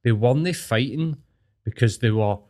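A man's voice: mid-range voice, moderate pace, mellow. A young Scottish man hosting a podcast, giving blunt, sweary, opinionated rants in casual chat. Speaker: podcast host.

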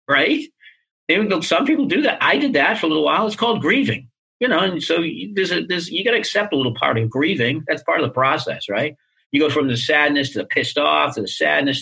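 A man's voice: a little high, lively intonation, fast, vocal fry, bright, forceful tone, breathy edge, poor audio. A man hosting a casual conversation, talking in an emphatic, motivational way.

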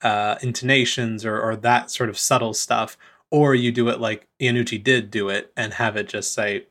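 A man's voice: medium pitch, fairly even intonation, normal speed, a bit bright. A man with a mid-range voice chats casually on a video call. He comes across as enthusiastic and easygoing as he talks about a film. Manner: casual, enthusiastic, self-deprecating. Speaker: podcast panelist.

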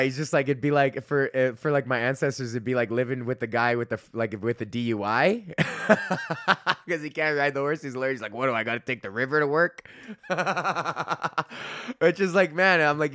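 A young man from Alberta talks through his week as a podcast host, loose and profane, breaking into laughs and trailing off mid-thought. His voice sits at an ordinary middle pitch for a man. The sound is dry and close, with no room around it. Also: moderate pace, a bit bright, no room sound. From Alberta, Canada. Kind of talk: casual rambling monologue.

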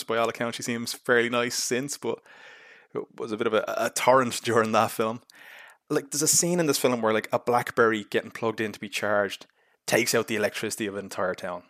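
A man's voice: on the low side, fairly bright tone, no room sound, clean studio sound. A young man giving blunt, sarcastic, chatty commentary on films as a show host. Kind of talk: casual film commentary.

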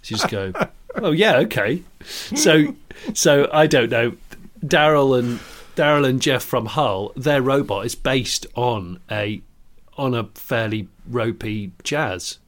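A man's voice: medium pitch, animated, slow. A man co-hosting a podcast, riffing playfully in casual comedic chat and laughing often. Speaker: podcast co-host.

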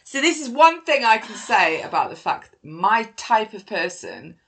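A woman's voice: mid-range voice, very animated, normal speed, gravelly, a bit bright, slightly rough. A woman co-hosting a casual podcast chat, teasing and bantering crudely. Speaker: podcast co-host.

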